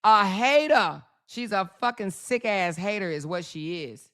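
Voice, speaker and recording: Woman host ranting on camera; blunt, cursing, mocking, with a bright, clean tone. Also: medium pitch, expressive, a little slow. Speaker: vlogger host. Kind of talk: casual ranting commentary.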